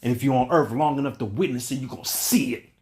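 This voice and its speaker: A man's voice: medium pitch, fast talker. Emphatic man preaching in repeated refrains. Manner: emphatic, rhythmic repetition, swings from loud to hushed. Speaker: spiritual teacher. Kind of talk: preaching monologue.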